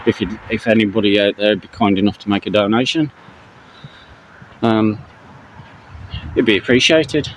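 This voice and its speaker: A middle-aged man from Britain talking to his viewers while out on a walk, halting and full of fillers, out of breath. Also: fairly low pitch, steady tone, poor audio. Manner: halting, many fillers and restarts. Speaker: camping channel vlogger. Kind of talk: casual spoken update to viewers while walking. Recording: loud outdoor traffic noise.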